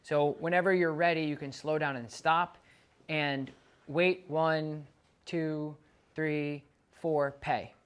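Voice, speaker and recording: A man working as a dog trainer, calmly coaching a client through exercises and counting out the timing. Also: a little high, slow pace, clean tone. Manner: calm, coaching, counts out loud. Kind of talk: instructing a client during training.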